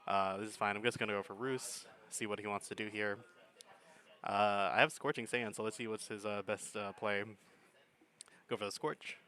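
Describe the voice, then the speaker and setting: Laid-back low-voiced man commenting on a game. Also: fairly even intonation, moderate pace, bright, forceful tone. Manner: laid-back, chuckling, thinking aloud. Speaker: gaming commentator. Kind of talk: casual battle commentary.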